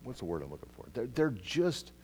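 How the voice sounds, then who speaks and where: A middle-aged male pastor preaching a Bible teaching, swinging between loud, emphatic bursts and quiet asides. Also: mid-range voice, sing-song, brisk, slight background noise. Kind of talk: expository sermon.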